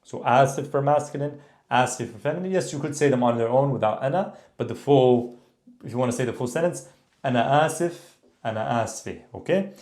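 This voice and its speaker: A man's voice: mid-range voice, brisk. Man teaching Arabic in an echoey room. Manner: relaxed explaining, repeating phrases, frequent "okay?" and "tamam?". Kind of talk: language lesson.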